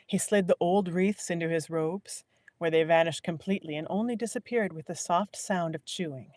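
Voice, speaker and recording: A woman narrating a novel in a live audiobook reading, measured and willing to restart a line. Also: lowish voice, a little mellow, no echo, clean studio sound. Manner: measured, restarts lines to correct herself.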